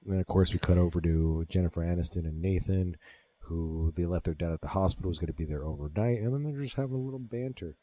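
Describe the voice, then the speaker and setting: A man in his thirties with a low, deep voice and a husky edge talks through a horror film scene by scene. He co-hosts a podcast in loose, easygoing chat and swears freely. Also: fast talker, dark tone. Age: 30s. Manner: laid-back, swears a lot, retells scenes. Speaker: podcast co-host. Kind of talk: casual movie-review chat.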